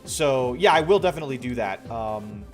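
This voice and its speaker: A man's voice: medium pitch, normal speed. A man streaming a game, chatting casually and rambling to his viewers, his throat a little strained. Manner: relaxed, rambling, talks to chat. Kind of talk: casual gaming stream chat. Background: faint background music.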